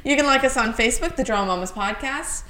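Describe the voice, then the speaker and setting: Podcast co-host, woman, relaxed chatty recap delivery. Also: fairly high pitch, fast talker. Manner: chatty, relaxed, sign-off with show plugs. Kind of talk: casual chat recapping a TV show.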